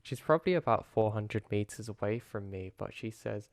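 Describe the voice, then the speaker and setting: A man calmly narrating a first-person horror story in a low-key way. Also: normal speed, gravelly, no room sound, clean studio sound. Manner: calm, low-key retelling.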